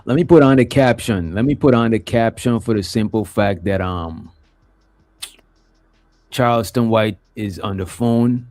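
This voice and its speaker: A man's voice: on the low side, measured pace, darkish tone, no room sound. A man hosting a livestream, talking loosely with lots of filler phrases. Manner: loose, rambling, with frequent "you know what I'm saying". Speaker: livestream host. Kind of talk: casual livestream commentary.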